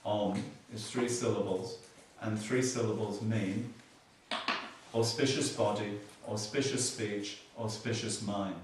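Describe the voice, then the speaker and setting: A man giving a Buddhist teaching, explaining slowly and repeating key words, with dry humor. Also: on the low side, steady tone, noisy background. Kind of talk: dharma teaching. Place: meditation hall. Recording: echoey hall from far off.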